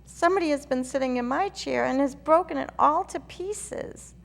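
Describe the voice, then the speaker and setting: A woman doing a shrill, squeaky baby bear. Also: moderate pace, vocal fry. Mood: wailing. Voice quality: sharp, shrill. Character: little small wee baby bear boy. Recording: reverberant room with faint hum.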